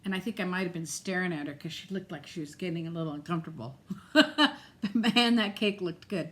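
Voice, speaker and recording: A woman's voice: fairly low pitch, brisk. Chatty middle-aged woman vlogging. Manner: chatty, animated, laughs often. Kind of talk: casual chat.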